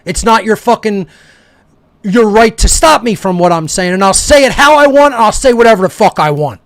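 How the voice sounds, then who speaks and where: A man's voice: high-pitched, lively intonation, moderate pace, dry recording. A male talk show host delivering a heated, profane, confrontational monologue straight at his listeners. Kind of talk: angry ranting monologue.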